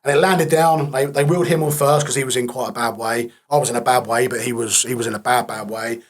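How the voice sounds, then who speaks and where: A man as a podcast guest, telling his story candidly in a blunt, matter-of-fact way with dark humour. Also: medium pitch, steady tone, fast.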